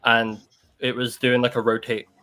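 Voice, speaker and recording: Man calmly explaining in a podcast. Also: medium pitch, soft background music. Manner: measured, explanatory. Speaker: podcast co-host. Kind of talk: casual chat.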